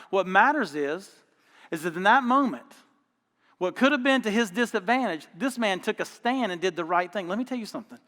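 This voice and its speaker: A man's voice: sits high, a bit bright, in a large hall. A man preaching a sermon as pastor, telling stories in an emphatic, folksy, conversational way. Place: church auditorium.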